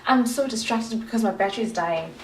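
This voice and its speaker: A woman's voice: a little high, quick pace, reverberant, a little hiss or hum, rough recording. Chatty South African woman vlogger. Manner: chatty, rambling, playful asides. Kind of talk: casual chat to camera.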